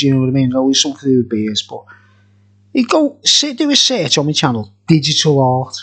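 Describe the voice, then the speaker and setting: A man's voice: mid-range voice, big pitch swings, a little fast, a bit bright, husky. A middle-aged man reviewing beer in a tipsy, jokey, rambling vlog chat, laughing often.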